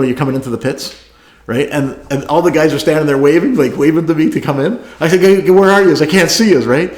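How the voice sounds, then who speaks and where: A man co-hosting a podcast, telling a racing story in a casual, animated way, acting out radio calls and laughing often. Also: on the high side. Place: garage studio. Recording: roomy echo.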